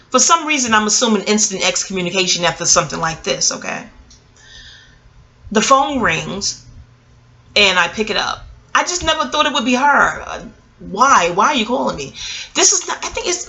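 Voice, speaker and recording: A middle-aged woman spins a story straight to camera in a casual, profane monologue. Her voice has a gravelly fry under a bright, forceful edge. She talks in an animated, wisecracking way. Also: medium pitch. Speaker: vlogger.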